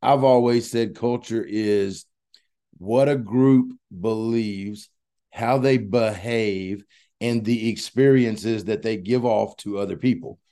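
A man's voice: on the low side, fairly even intonation, takes it slowly, dark tone. A man hosting a casual podcast interview, talking in an enthusiastic, rambling way. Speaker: podcast host and coach.

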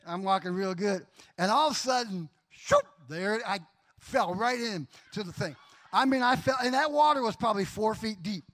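High-voiced animated male pastor. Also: moderate pace. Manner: animated storyteller, acts out voices, laughs often. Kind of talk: sermon with personal story.

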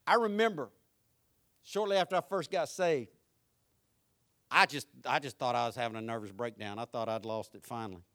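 A man, preaching a sermon in a church, swinging from loud passion to hushed intimacy and telling folksy stories full of rhetorical questions. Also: medium pitch, moderate pace, long pauses. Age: 50s. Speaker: pastor.

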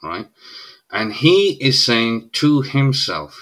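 A middle-aged man with an Irish accent talks as a podcast guest, his voice bright and forceful. He lays out his argument emphatically and keeps checking in with "right?". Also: mid-range voice, big pitch swings, normal speed. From Ireland. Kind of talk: casual podcast conversation.

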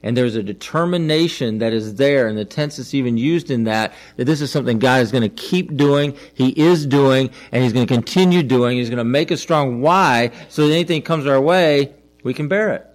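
A man's voice: mid-range voice, moderate pace. A middle-aged man preaching a conversational sermon as a pastor, asking the listeners questions and repeating his phrases.

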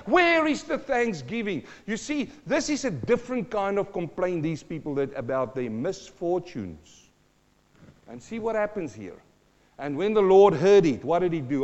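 A man's voice: sits high, sing-song, measured pace, darkish tone, long reverb tail, lo-fi sound. A middle-aged man preaching a sermon to a congregation, dramatic, asking questions and acting out sounds and voices. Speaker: pastor.

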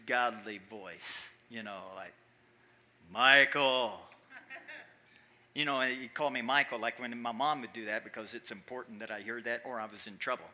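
A man preaching a sermon in church, animated, swinging from quiet asides to loud emphatic calls. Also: medium pitch. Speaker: pastor.

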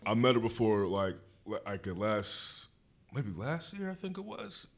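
A man hosting a casual podcast, talking in a slangy, laid-back way with a fairly low voice. He throws in loud hype interjections between his stories. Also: big pitch swings, a little slow, creaky. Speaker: podcast host. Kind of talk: casual chat.

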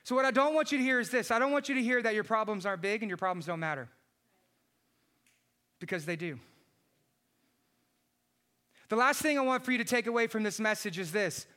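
Bright-voiced impassioned male preacher. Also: high voice, fairly quick, pauses often. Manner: impassioned preaching, shouting at peaks then dropping soft. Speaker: pastor. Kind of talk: sermon.

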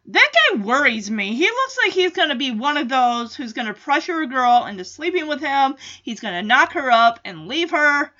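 A woman's voice: sits high, sing-song, normal speed, pushed and bright, muffled recording. A woman hosting a podcast, recapping an episode in a casual, rambling way and thinking aloud with many fillers and restarts. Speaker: podcast host.

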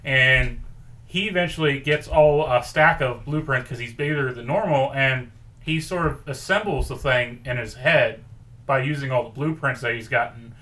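A man co-hosting a podcast, pitching a story in rambling casual chat and acting out quoted lines. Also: normal speed, bright, forceful tone. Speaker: podcast co-host pitching a movie idea.

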